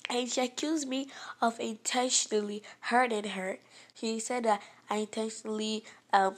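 A woman telling a dramatic personal story in an animated, rambling way. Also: mid-range voice. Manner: animated, rambling with fillers and restarts.

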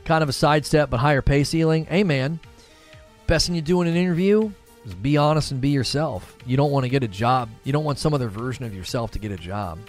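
A man's voice: mid-range voice, fast, faint music behind. A man in his thirties hosting a casual live stream, upbeat and chatty, thanking viewers by name. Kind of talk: casual chat reading viewer comments.

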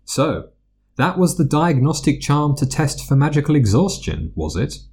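A man voicing an earnest, bookish eleven-year-old schoolgirl in a storybook reading, with a husky voice. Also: on the high side, very animated, normal speed, darkish tone, voice pushed up. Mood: inquisitive.

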